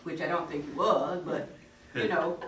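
A woman's voice: low voice, steady tone, normal speed, fairly bright tone. Earnest woman in echoey far-off room. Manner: earnest, emphatic, folksy. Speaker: church discussion participant. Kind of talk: casual faith discussion. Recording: echoey room, mic far off, faint noise.

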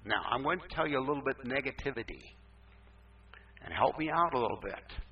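A male pastor telling a story in a sermon, emphatic and animated, with sudden upward swoops in pitch. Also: fairly quick, slight background noise. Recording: distant, dull, muffled recording.

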